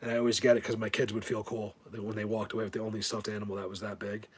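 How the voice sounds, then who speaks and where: Middle aged guy rambling on a live stream, husky voice, lots of restarts and jokes. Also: on the low side, flat delivery, very fast. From New Jersey. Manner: rambling, joking, many restarts. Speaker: live video host. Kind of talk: casual rambling live chat.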